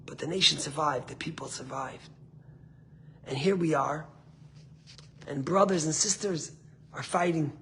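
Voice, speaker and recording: A man giving a short, earnest sermon as a rabbi, rising to passionate peaks and falling soft, with Hebrew words mixed in. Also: high voice, a little hiss or hum.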